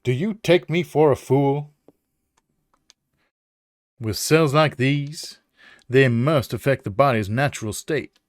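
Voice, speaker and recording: A man voicing a gruff, suspicious older male scientist with a Southern accent, drawing out his demanding questions. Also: medium pitch, takes it slowly, long pauses, no echo, studio quality, close to an everyday voice.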